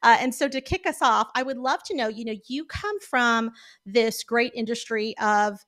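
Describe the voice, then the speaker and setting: A woman's voice: a little high, moderate pace, fairly bright tone. Enthusiastic woman hosting a talk show. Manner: enthusiastic, effusive, rephrases questions. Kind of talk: interview questions.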